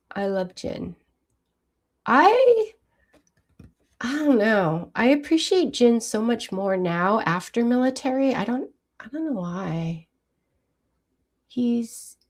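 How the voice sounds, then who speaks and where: A woman in her sixties hosts a casual live fan chat, reading out viewer comments and answering them. She talks slowly and chattily, with lots of fillers and little laughs, in a voice of ordinary pitch. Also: darkish tone. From Hawaii. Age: 60s. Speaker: livestream host.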